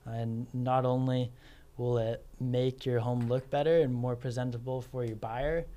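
A man who runs a hauling business speaks as a guest on a radio show. His voice is dark and mellow, and he explains things plainly and matter-of-factly. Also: mid-range voice, fairly even intonation, measured pace. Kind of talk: casual radio interview.

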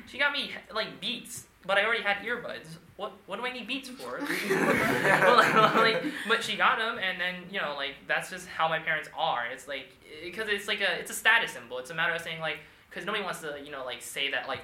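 A man's voice: on the high side, fast talker, few pauses, pushed and bright. A young man telling a story in casual group chat, rambling with many fillers. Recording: echoey room, faint noise.

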